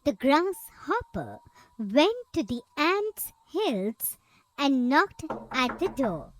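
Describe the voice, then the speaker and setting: High, sing-song woman telling kids' stories. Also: wildly swooping pitch, extremely slow. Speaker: storyteller. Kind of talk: children's story narration.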